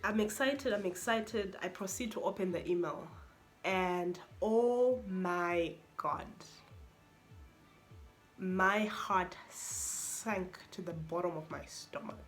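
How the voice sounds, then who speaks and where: A young woman, a university student, telling an expressive, exasperated story-time vlog with lots of repetition. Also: fairly low pitch, takes it slowly, faint music behind. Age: young adult.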